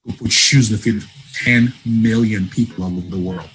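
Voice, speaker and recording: A man from Africa, a guest on an interview, telling a personal story in a lively way, acting out voices and laughing often. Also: lowish voice, brisk, a little hiss or hum, low-quality recording. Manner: animated storyteller, laughs often, acts out dialogue. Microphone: remote call.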